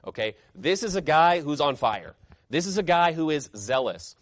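A man's voice: on the high side, very animated, moderate pace, dry recording. A man preaching a sermon as pastor, emphatic and fiery, firing off rhetorical questions.

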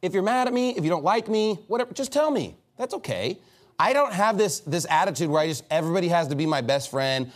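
Male pastor, sermon, chatty delivery, somewhat higher voice, acts out quotes. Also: lively intonation, brisk. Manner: conversational preaching with acted-out dialogue. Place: church sanctuary.

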